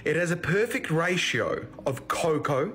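A man's voice: a little high, lively intonation, measured pace, fairly bright tone. A man with an Australian accent lecturing bluntly and crudely about food in a social-media clip. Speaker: TikTok health lecturer. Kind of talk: preachy social-media monologue.

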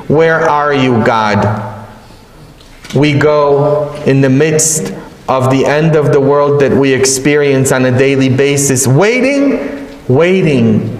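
Slow-speaking priest in an echoey church. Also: male voice, medium pitch. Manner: slow, storytelling homily with joking asides. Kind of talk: sermon. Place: large church.

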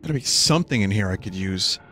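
A man streaming a game and rambling through casual commentary. He jokes at his own expense with a lively, animated pitch. Faint game music runs in the background. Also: fast. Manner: joking, self-mocking, rambling. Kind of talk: casual let's-play commentary.

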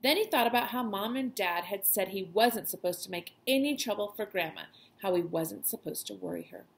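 A woman's voice: medium pitch, fairly quick, creaky. A woman teacher reading a children's chapter book aloud to her class. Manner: expressive storytelling voice.

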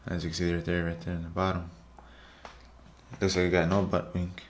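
A man's voice: deep voice, monotone, fairly quick. A man narrating his workout footage as a casual vlog voiceover, chatty and repetitive, often calling out to his viewers. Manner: loose, repetitive, chatty, says "guys" often. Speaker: fitness vlogger.

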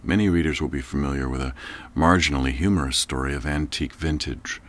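A man narrating an audiobook in a slow, measured, reflective way. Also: very deep voice, fairly bright tone.

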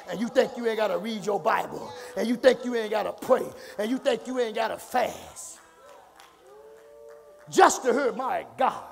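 A man preaching an impassioned sermon, swinging from low murmurs to shouts, repeating phrases and calling out to the congregation. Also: vocal fry. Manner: call-and-response, repeats phrases. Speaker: pastor. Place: church sanctuary. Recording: reverberant church hall.

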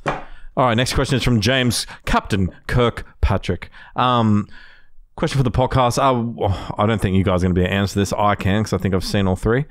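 A man's voice: lowish voice, fairly even intonation, moderate pace, dry recording. A man on a podcast reading out listener questions in a casual, matter-of-fact way. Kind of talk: casual chat.

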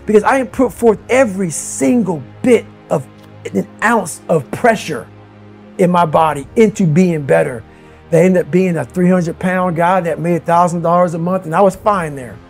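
A man delivers a blunt, intense motivational talk in a fairly high voice. He swings from low, brooding stretches to loud, fired-up bursts. Faint music plays underneath the clips. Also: moderate pace. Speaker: motivational speaker. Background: motivational background music.

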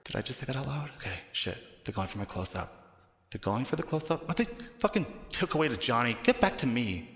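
A man's voice: medium pitch, very animated, fast, fairly bright tone. A man voicing a scheming young woman on the witness stand who tries to fake tears, in a crude, swearing parody inner monologue. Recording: echoey room with long reverb.

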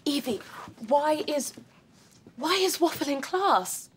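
A woman playing a primary school teacher, speaking in a gentle, coaxing classroom tone in a children's series. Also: high voice, lively intonation, takes it slowly, slight background noise. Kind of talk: children's live-action series.

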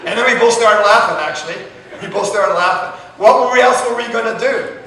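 A man's voice: sits high, lively intonation, quick pace, sharp tone. A man in his sixties, a pastor telling stories in a sermon and calling "Amen?" to the congregation. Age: 60s. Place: large echoing convention hall. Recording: echoey hall from far off.

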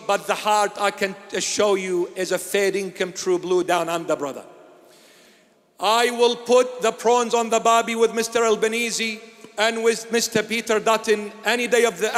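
A man from Iraq, a bishop giving an emphatic, deliberate sermon-style address that rises at times to shouting. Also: sits high, fairly even intonation, long reverb tail.

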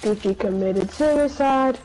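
An Irish woman streaming a game, chatting casually with a teammate, loud and swearing as she calls out to him. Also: sits high, takes it slowly, slight background noise, rough recording. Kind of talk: casual gaming chat. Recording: music playing behind voice.

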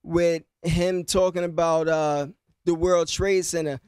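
A man's voice: a little high, flat delivery, slow, darkish tone, smooth, dry recording. A man casually explaining rap lyrics, half-rapping the lines and then talking them through with lots of "you know what I mean.". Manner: loose, conversational, many fillers like "you know what I mean".

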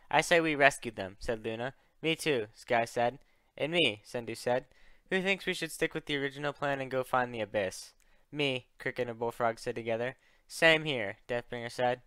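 A young man reads a dragon adventure story aloud with a bright, forceful edge to his voice. His delivery is crisp and smooth, recorded close and dry. He lifts his voice a little for the characters' lines. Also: mid-range voice, no echo. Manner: reads all characters, voices raised for dialogue. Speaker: fan fiction narrator.

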